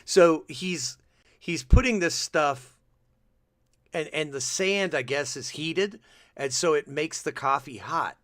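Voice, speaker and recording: A man co-hosting a podcast, chatting casually and telling rambling, animated stories. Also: fairly high pitch, takes it slowly, dry recording, studio quality. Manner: rambling, animated storytelling with restarts. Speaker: podcast co-host. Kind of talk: casual chat.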